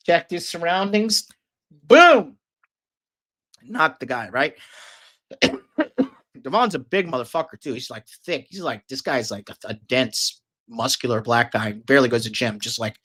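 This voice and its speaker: A man's voice: on the high side, pushed and bright. A man telling a long, casual story, rambling and swearing heavily with lots of fillers. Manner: profane, rambling, filler-heavy.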